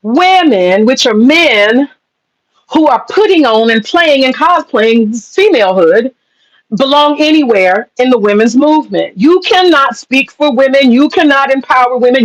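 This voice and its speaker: A woman's voice: high-pitched, expressive, a little slow, poor audio. A woman vlogger on a heated opinion rant, talking straight to her viewers, profane and emphatic, hammering her points with repetition. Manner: talks straight to viewers, says she is getting upset.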